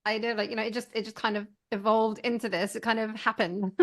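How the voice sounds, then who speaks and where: Affirming woman host with a gravelly voice. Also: on the high side, little pitch movement, fast talker. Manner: warm and affirming, repeats "I love that". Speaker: podcast host. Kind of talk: casual interview chat.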